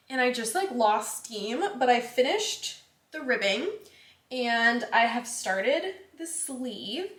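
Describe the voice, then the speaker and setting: A woman's voice: sits high, fairly bright tone. A young woman hosting a knitting vlog, chatting casually and rambling with lots of likes and ums. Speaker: knitting podcast host. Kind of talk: casual chat. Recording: echoey room.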